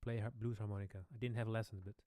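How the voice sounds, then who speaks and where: A man, a pianist casually answering questions on his own live stream Q&A, relaxed and rambling. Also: fairly low pitch, very fast, no room sound. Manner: relaxed, rambling, chuckling asides. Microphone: studio microphone.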